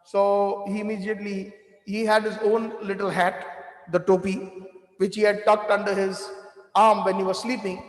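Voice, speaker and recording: High-voiced man telling stories in an echoey hall. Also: moderate pace. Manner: lively anecdotal storytelling with quoted Hindi phrases. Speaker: temple storyteller. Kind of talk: devotional storytelling talk. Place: temple hall. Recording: echoey hall with long reverb.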